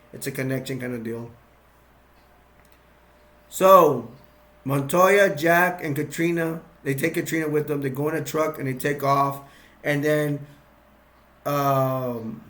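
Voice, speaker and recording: A man casually retelling a movie plot, rambling and excitable, with restarts and sound effects. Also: fairly high pitch. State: sugar-boosted, energetic. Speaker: movie recap vlogger.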